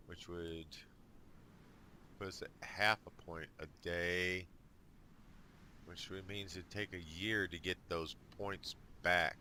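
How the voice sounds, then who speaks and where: A man's voice: sits low, pushed and bright, slight background noise. A man giving casual let's play commentary on a strategy game, thinking aloud with dry jokes. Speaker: gamer.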